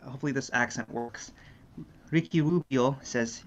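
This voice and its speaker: An easygoing man reading out viewer messages in casual chat, his voice a middling pitch and heard through a dull, slightly lo-fi line. He keeps it relaxed and plain. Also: fairly quick. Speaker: co-host reading donations.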